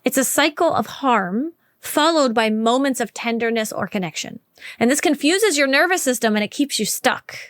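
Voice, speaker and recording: Woman doing a relationship podcast, kinda high voice, super dry close mic, talks right at you. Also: dry recording. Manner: warm, direct, conversational with slow emphatic stretches. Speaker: podcast host. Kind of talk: solo podcast advice talk.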